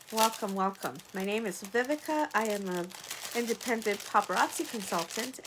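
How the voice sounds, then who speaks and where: A woman's voice: on the high side, noisy background. A woman running a casual live stream selling jewelry, chatty and upbeat, greeting viewers by name as she shows each piece. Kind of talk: casual live sales chat.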